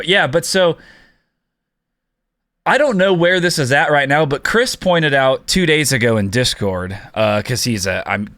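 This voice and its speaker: A man's voice: fairly low pitch, fairly bright tone, dry recording. Chill podcast guy, mid voice, dry close sound, tells stories and does the quotes. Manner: laid-back storyteller who acts out quotes. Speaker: podcast co-host. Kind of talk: casual podcast chat.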